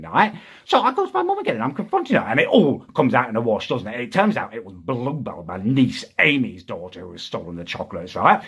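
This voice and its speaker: A young man in a comedic rant, exasperated and indignant, with sudden high-pitched outbursts. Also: fairly bright tone, husky. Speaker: comic ranting character.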